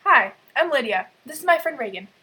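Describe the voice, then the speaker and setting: A woman's voice: sits high, sing-song, a little fast. A teenage girl co-hosting a casual podcast, drawling with lots of fillers and giggling, recorded without a microphone. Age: teens. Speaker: podcast co-host. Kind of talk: casual chat. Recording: loud background noise, no microphone.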